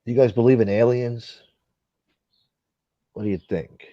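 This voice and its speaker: A man's voice: medium pitch, fairly even intonation, a little slow, warm tone, dry recording. Blunt rambling New man, dull mic. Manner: blunt, rambling, swears freely, mimics others. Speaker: livestream host. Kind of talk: casual livestream chat reading comments.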